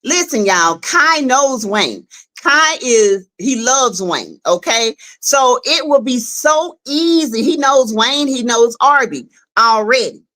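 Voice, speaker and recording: Bright, slow-talking Southern woman. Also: on the high side. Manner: animated, laughing, talks straight to viewers. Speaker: commentator reacting to a web skit series. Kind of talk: casual livestream commentary. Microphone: streaming setup.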